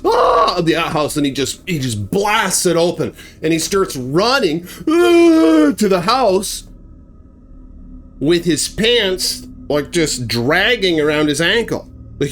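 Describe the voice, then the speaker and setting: Slow, lively rambling male storyteller. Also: on the high side, faint music behind. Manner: rambling, with fillers and restarts, chuckling asides. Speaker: horror storyteller. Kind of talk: casual spoken horror storytelling.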